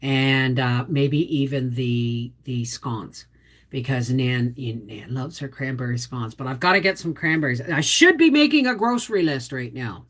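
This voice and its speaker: Her voice is very deep yet fairly bright, expressive and a little slow. A middle-aged homestead channel host from Quebec, she greets viewers by name while casually reading livestream comments.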